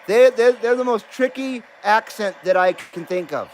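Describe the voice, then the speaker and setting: High-voiced joking middle-aged man. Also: moderate pace, a little hiss or hum. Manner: joking, easygoing banter with radio contacts. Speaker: live-stream host on CB radio. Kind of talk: casual live-stream chat.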